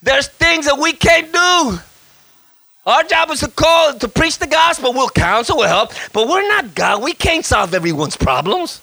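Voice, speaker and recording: A man in his fifties, a guest pastor preaching a lively storytelling sermon, acting out voices and shouting lines for effect. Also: very high-pitched, unhurried, vocal fry, no echo, faint music behind. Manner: animated, acts out voices and shouts for effect, laughs often.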